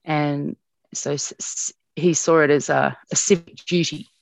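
A middle-aged woman with an Australian accent and a low voice, recalling her upbringing in a lively, story-driven way. She laughs often as she talks. The recording is close and dry. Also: unhurried, gravelly, no echo. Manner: animated storytelling with frequent laughs. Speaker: broadcast journalist, interviewee. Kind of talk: reminiscing in an interview.

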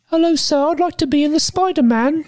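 Man doing a squeaky polite young Brit. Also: brisk, a little mellow. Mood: pleading. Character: polite eager young British male actor.

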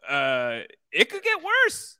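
A man hosts a casual podcast with lots of energy and a playful streak. His voice is bright and smooth, and it moves up and down a lot. The recording is dry and close. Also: on the high side, slow, dry recording. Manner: animated, promotional, jokey. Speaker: podcast host.

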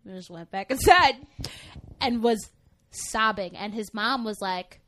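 A woman in her twenties, co-hosting a podcast in casual chat, talking quickly with a lot of "like" and frequent laughs. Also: mid-range voice, fairly bright tone. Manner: chatty, laughing, many "like"s. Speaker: podcast co-host.

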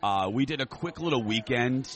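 A man's voice: medium pitch, animated, moderate pace. A man co-hosting a podcast, chatting and joking as he rambles through stories, recorded on location in a restaurant. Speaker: podcast co-host. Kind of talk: casual chat. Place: themed restaurant.

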